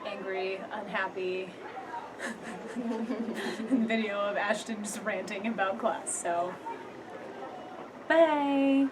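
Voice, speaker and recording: A young woman vlogging casually to camera, chatty and quick to laugh, with lots of fillers. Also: medium pitch, background noise. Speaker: vlogger studying abroad.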